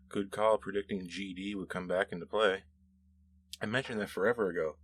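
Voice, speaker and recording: A man's voice: deep voice, fairly even intonation, moderate pace, a little hiss or hum. A man hosting a show, casually reading and answering viewer comments in a rambling, self-correcting way with frequent laughs.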